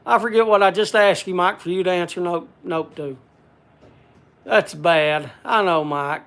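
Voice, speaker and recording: A man's voice: high-pitched, a little slow, fairly bright tone. An older man hosting a casual livestream, rambling in a folksy country way and answering viewer comments. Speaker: livestream host.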